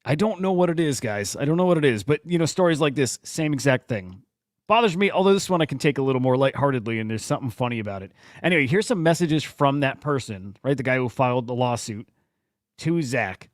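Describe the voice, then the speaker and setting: A man's voice: medium pitch, lively intonation, fast talker, no room sound, clean studio sound. Rambling man hosting a crypto show. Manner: rambling, exasperated, many restarts. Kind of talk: casual livestream news commentary.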